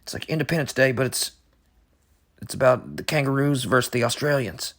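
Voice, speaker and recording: Gravelly rambling man on a podcast. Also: medium pitch. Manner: rambling, halting, absurd deadpan. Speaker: podcast co-host. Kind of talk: improvised comedy chat.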